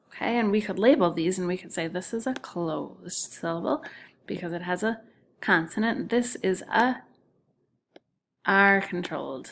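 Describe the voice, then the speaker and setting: A woman's voice: lowish voice, unhurried, creaky, a little hiss or hum. A woman teaching a recorded phonics lesson to second graders, patiently sounding out words syllable by syllable and often whispering letter names.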